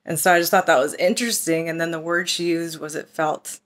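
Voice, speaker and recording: Woman chatting in a fairly low voice. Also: steady tone, a little fast. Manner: chatty, storytelling, acts out quoted texts with lifted voice. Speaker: relationship and self-love coach. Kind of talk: casual talk to camera.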